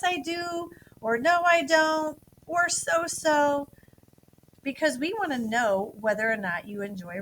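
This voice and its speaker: A woman teaching first graders in a recorded video lesson, speaking slowly and clearly in an encouraging tone. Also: a little high, fairly bright tone, a little hiss or hum, rough recording. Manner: slow, clear, encouraging teacher talk to little kids.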